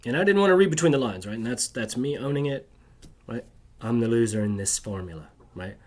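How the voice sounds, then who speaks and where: A man's voice: medium pitch, lively intonation, fairly quick, a little mellow. A man telling a rambling, bitter personal story to camera, agitated and constantly tagging his sentences with "right?". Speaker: video creator.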